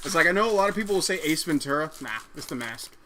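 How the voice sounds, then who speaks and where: A man's voice: on the high side, lively intonation, fast, bright, forceful tone, slight background noise. A man co-hosting a live stream, chatting in a casual, rambling, enthusiastic way. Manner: enthusiastic, rambling, loose with fillers. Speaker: stream co-host.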